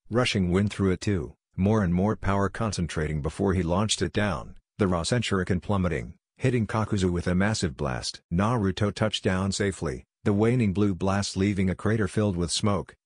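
Deep-voiced man reading a story. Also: no echo, clean studio sound. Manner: steady, descriptive reading. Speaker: narrator. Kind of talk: scripted story narration.

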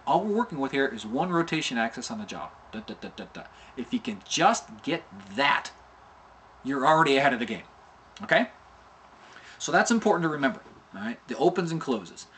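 A middle-aged man talks through an animation lesson in a loose, conversational way. His pitch moves a lot as he explains, and he keeps checking in with "okay?" while sounding out syllables to show mouth shapes. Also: fairly bright tone. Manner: chatty, repeats "okay?" often, demonstrates mouth sounds. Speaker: animation instructor. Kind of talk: casual tutorial talk.

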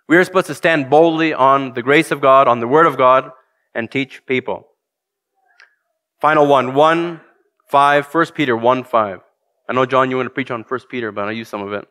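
A man's voice: medium pitch, normal speed, pauses often, fairly bright tone. A man preaching a sermon, earnest and direct, putting questions to his congregation and reading scripture aloud.

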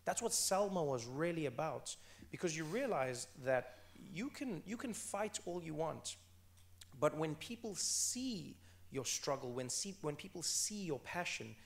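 A man's voice: on the high side, very animated, a little slow, vocal fry. A man in his thirties from South Africa with a South African accent, speaking onstage as an author guest in an earnest, emphatic way and repeating phrases for stress. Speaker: author guest at a book event. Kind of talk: onstage conversation.

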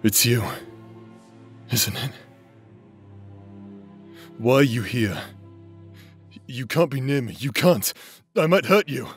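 A man plays a haunted young man gripped by a possessing sword, his voice swinging widely in pitch as he stumbles through broken, halting words. He speaks slowly and heavily in this audio drama role-play, with soft music playing underneath. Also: lively intonation. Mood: pleading.

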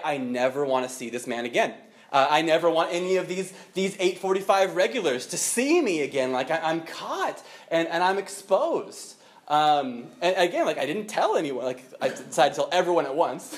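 A man preaching a sermon, telling a personal story in a halting, self-deprecating way full of restarts. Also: on the high side. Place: church.

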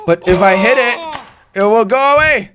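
A young gaming-channel host with an extremely high pitch speaks at a moderate pace over background noise. His let's-play commentary is excitable, full of talking to himself and shouting and swearing at the game.

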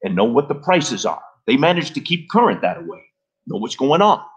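A man's voice: medium pitch, sing-song, moderate pace, husky, voice pushed up. A man voicing an earnest old rancher in a literary reading, talking in folksy rural grammar.

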